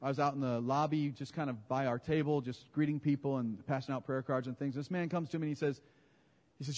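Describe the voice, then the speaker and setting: A man preaching a sermon in a conversational, animated way, often correcting his own words. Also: medium pitch, fast. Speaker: pastor. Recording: long hall reverb.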